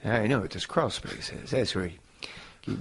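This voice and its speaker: A man's voice: fairly low pitch, moderate pace, gravelly, slightly rough. A man in a casual podcast chat, rambling through a story with lots of "like"s. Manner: rambling, filler-heavy storytelling.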